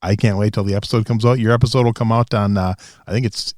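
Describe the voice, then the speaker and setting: A man's voice: on the low side, steady tone, fast, darkish tone, dry recording, clean studio sound. A man hosting a podcast interview, friendly and appreciative as he wraps up with his guest. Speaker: podcast host. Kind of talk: casual interview chat.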